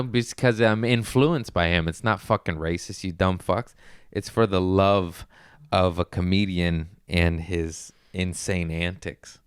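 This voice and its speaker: A man hosting a casual podcast as a comedian, telling rambling, profane stories with excitable bursts. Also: low voice, smooth, no room sound, clean studio sound.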